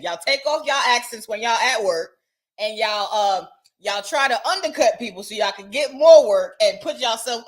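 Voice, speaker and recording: A woman's voice: on the high side, a bit bright. A woman hosting a morning commentary show, talking bluntly and emphatically, swearing and laughing as she gives her opinions. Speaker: host.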